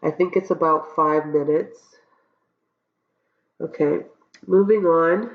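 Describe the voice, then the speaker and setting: A woman's voice: low voice, steady tone, slow pace. A woman college instructor with a stuffy, cold-affected voice walks students through course assignments in a casual way, often checking in with "okay?". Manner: casual, checks in with frequent okays and ums. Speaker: college public speaking instructor. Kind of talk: recorded course walkthrough lecture. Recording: roomy, dull lo-fi recording.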